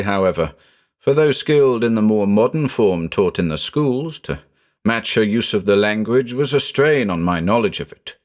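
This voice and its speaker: A man giving a measured, brooding scripted narration of a horror story. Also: fairly low pitch.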